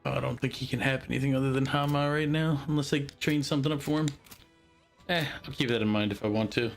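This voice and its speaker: A man's voice: medium pitch, steady tone, fast talker, vocal fry, faint music behind. Man casually commenting on a game. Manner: offhand commentary over gameplay. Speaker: gameplay streamer. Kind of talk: casual let's play commentary.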